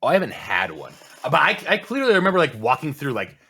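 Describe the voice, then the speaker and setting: A man's voice: on the high side, huge pitch swings, quick pace, bright, forceful tone, slightly rough. A young man co-hosting a gaming podcast in casual chat, with dry, blunt remarks and casual swearing. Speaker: podcast co-host.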